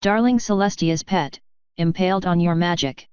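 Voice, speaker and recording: Woman reader as a honeyed, condescending monster mare, low and very clear voice, storybook reading. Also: normal speed, a little mellow, dry recording, lo-fi sound, close to an everyday voice. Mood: taunting. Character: sinister fanged female pony doppelganger, mocking.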